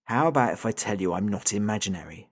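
A sinister, hungry entity on a toy phone, as a male reader puts it on, dropping low and quiet to taunt. Its voice comes thin and tinny over the line, and it drags out every threat with slow, smug calm. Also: husky. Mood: menacing. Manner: taunting, soft and slow, drawing out the listener's name. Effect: tinny and thin through a phone.

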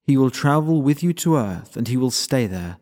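A stern, formal sorceress , as a male narrator puts her on, who lays down the law in a cool, measured voice. She speaks with unhurried authority. It is a storybook figure read aloud. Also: mid-range voice, lively intonation, a little mellow, voice pushed up, natural voice. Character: stern, formal female magician.

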